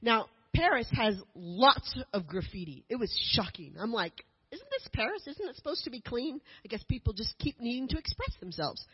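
Husky-voiced chatty woman. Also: a little high, lo-fi sound. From United States. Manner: chatty, with joking asides. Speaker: missionary speaker. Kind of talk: casual slideshow talk to a church group.

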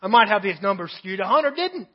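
High husky guy preaching in church, tells stories, goes quiet on the big words, kinda dull lo-fi recording. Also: sing-song, fairly quick. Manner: storytelling preacher, drops soft and low on key words. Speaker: pastor. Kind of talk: sermon. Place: church sanctuary.

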